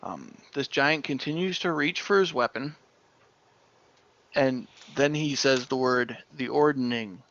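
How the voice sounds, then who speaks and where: A man narrating as dungeon master of a tabletop game, unhurried and sometimes searching for words. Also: mid-range voice, expressive, fairly bright tone, lo-fi sound.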